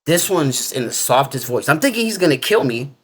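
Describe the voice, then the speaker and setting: A man's voice: fairly high pitch, very animated, fairly quick, fairly bright tone, husky. A man casually telling a personal story in loose, rambling talk, full of fillers, restarts and everyday slang grammar. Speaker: interviewee telling a near-death experience.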